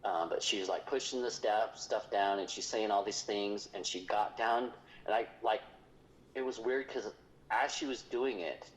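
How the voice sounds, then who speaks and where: A man's voice: fairly low pitch, moderate pace, poor audio. A man, a podcast guest, earnestly telling a personal story in casual chat. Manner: earnest, retelling a story with quoted dialogue.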